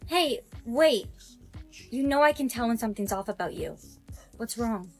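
High synthetic woman reading story dialogue, smooth and even, soft music under it. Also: moderate pace. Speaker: text-to-speech storyteller. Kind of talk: scripted storytime narration.

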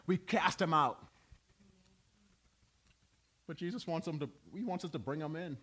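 A male pastor preaching a sermon to his congregation, swinging between loud, emphatic preaching and quiet, low asides. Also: unhurried, long pauses, slightly rough. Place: church.

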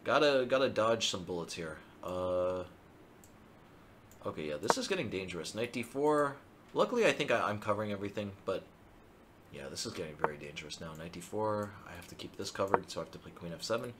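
Low animated man narrating his chess game. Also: brisk, background noise. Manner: thinks aloud, excitable, self-mocking. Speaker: chess streamer. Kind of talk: live chess commentary.

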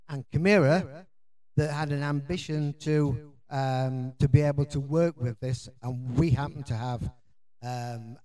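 A man's voice: medium pitch, a little mellow. A middle-aged Yorkshire man gives a conference talk in a chatty, informal way. He rambles, restarts his sentences and fills gaps with ums and uhs. His Yorkshire accent is plain throughout. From Yorkshire, England. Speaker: conference speaker.

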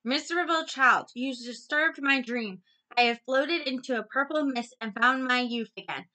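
A woman's voice: sits high, moderate pace, pushed and bright. A woman doing a grumpy, dreamy old man. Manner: grumbling, dreamy.

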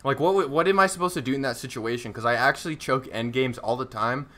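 Fast and medium-pitched, a young man rattles through live commentary while streaming a shooter game. He chats casually with viewers, mocks himself, talks in slang, and gets excitable when things heat up.

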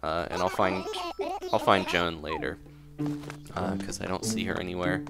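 A man giving relaxed, rambling commentary while playing a cozy video game, often restarting his sentences. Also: low-pitched, moderate pace. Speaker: gameplay commentator. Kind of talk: casual let's-play commentary. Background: game music.

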